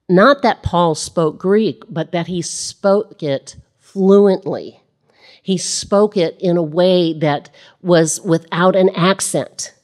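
A woman preaching a sermon on a scripture passage. She talks with animation, getting louder when she voices a crowd and dropping soft and low when she reflects.

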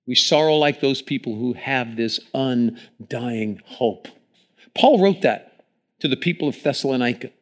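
A man preaching a sermon in church, talking into a microphone and swinging between hushed lines and loud ones. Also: mid-range voice, measured pace. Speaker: pastor.

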